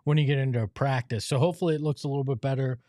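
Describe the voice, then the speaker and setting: A man's voice: mid-range voice, fairly even intonation, rapid-fire, dark tone, no echo, clean studio sound. A man on a casual sports talk panel, easygoing and jokey.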